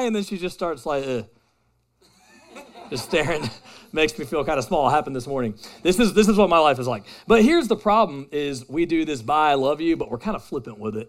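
Male pastor, thirties, slightly high voice, chatty self-mocking sermon delivery. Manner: casual, self-deprecating and conversational with the congregation. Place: church hall with a live congregation.

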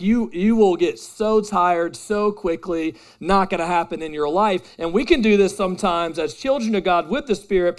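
A man in his thirties preaching a sermon to a live congregation, casual and self-deprecating, talking directly with the room. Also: high voice. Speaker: pastor. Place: church hall with a live congregation.

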